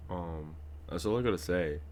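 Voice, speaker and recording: Low, dark-voiced young man reacting dryly. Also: moderate pace. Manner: dry, mock-serious remarks with fillers. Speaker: reaction streamer. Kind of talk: casual reaction commentary.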